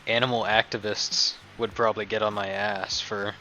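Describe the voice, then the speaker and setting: A man's voice: lowish voice, level tone, moderate pace, bright, forceful tone, lo-fi sound, slight background noise. A man in casual chat over a card game, hesitant and crude.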